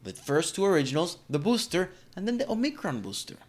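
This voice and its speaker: A man talks over video clips in a casual, indignant way. His pitch moves a lot, rising and falling as he reacts. His voice sits a little high for a man. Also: big pitch swings, fairly quick. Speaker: commentator.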